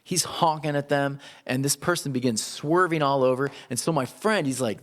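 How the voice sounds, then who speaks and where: A man preaching a sermon in an animated, conversational way. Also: fairly high pitch, a little fast, hardly any pauses. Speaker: pastor.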